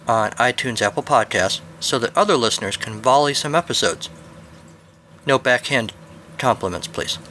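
Bright-voiced man narrating a story. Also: medium pitch, slight background noise. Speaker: podcast host and storyteller.

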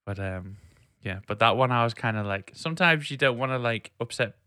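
A man's voice: mid-range voice, expressive, fairly quick, bright, forceful tone, smooth, no room sound, clean studio sound. A man hosting a casual podcast chat, rambling and self-deprecating. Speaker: podcast host.

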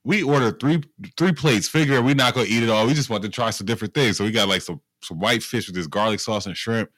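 A young man in casual chat, telling stories in an animated way with heavy slang and swearing. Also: fairly low pitch, quick pace, no room sound, clean studio sound. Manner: animated storytelling, profane slang.

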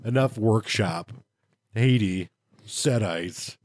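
A man's voice: lowish voice, takes it slowly, a little mellow, dry recording, studio quality. A man co-hosting a podcast who reviews game books in casual chat and gives blunt opinions with plenty of fillers.

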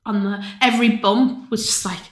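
A woman's voice: mid-range voice, normal speed. A woman, a podcast guest telling a story in casual chat and acting out what other people said. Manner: animated storytelling, acts out other people's lines. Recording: roomy echo.

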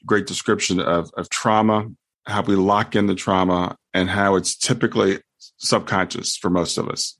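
Reflective male podcast host, lowish voice. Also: vocal fry. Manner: reflective, affirming listener. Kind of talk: casual podcast conversation.

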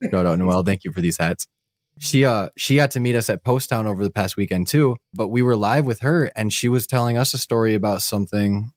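A man hosting a casual chat, relaxed in manner and swearing now and then. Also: lowish voice, fairly quick, no room sound, clean studio sound.

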